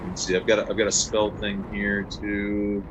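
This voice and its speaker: Guy dm'ing a tabletop game, low voice, lots of ums, noisy line. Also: normal speed. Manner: relaxed, hesitant with many fillers. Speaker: game master. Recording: noisy online call audio.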